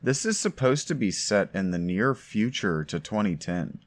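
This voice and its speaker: A man's voice: fairly low pitch, big pitch swings, normal speed. A man giving sarcastic, mocking commentary while playing a video game. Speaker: let's play commentator.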